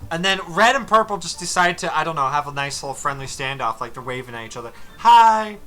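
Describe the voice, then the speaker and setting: Faint music plays behind a young man's slightly high, pushed, bright voice as he talks fast with fairly even intonation. He walks through a strategy game match with casual, exasperated commentary and plenty of swearing.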